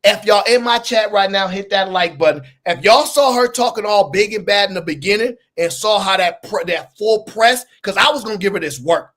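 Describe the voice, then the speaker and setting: A young man hosting a live stream, mocking and animated, talking to his chat and calling people sir. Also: high voice, moderate pace, few pauses. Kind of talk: heated commentary to a live chat.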